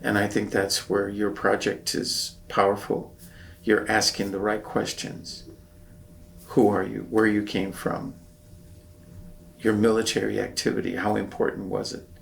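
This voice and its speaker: A man's voice: lowish voice, completely flat delivery, a little slow, vocal fry, a little hiss or hum. An older man, a veteran, speaking earnestly and reflectively in an oral history interview.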